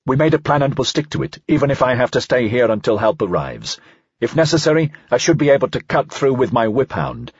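A man's voice: mid-range voice, slightly rough, dry recording, highs cut off. A man voicing a seasoned male investigator who talks in a clipped, matter-of-fact way in an audiobook. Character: seasoned male investigator, dry, measured, in charge.

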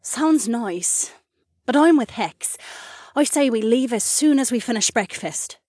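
Man putting on a soft young woman's voice. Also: extremely high pitch, expressive, measured pace, breathy edge, no room sound, studio quality, voice pushed up, exaggerated voice. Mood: earnest. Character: young women Freya and Sorsha, friendly companions.

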